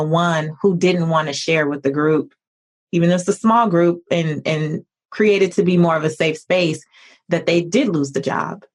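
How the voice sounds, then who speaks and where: A woman hosting a podcast interview, thinking aloud in a reflective, measured way. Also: low-pitched. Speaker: podcast host.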